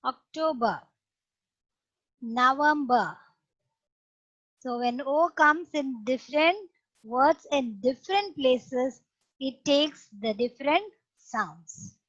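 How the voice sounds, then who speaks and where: A high-pitched woman teaches little children over a video call, slow and patient as she walks them through each step. Her voice sits close and dry, and the online audio is dull and lo-fi. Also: lively intonation, fairly bright tone, dry recording.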